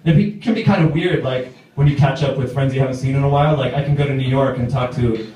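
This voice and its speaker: A man's voice: medium pitch, quick pace, mellow, slight background noise. A man doing a stand-up set in a small pub, chatty and hesitant with fillers. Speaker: stand-up comedian. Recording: echoey pub room, mic far off.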